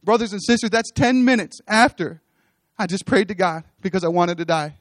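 A man's voice: sits high, a little fast, no room sound, clean studio sound. A man with children giving an earnest testimony sermon on a church stage, repeating his phrases as he builds toward exhortation. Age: adult, with children.

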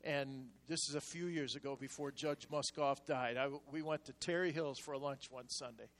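An older man preaching a sermon, telling stories in a hushed voice and then rising into loud exhortation. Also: medium pitch, moderate pace. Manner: animated storytelling, swinging from hushed asides to loud exhortation. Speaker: pastor. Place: church sanctuary. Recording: long reverb of a large hall.

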